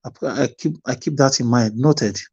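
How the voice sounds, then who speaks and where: A man's voice: medium pitch, normal speed, creaky, darkish tone, breathy edge, lo-fi sound. A Nigerian man speaking fervently in an online discussion, preaching and repeating phrases for emphasis. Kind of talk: impassioned discussion.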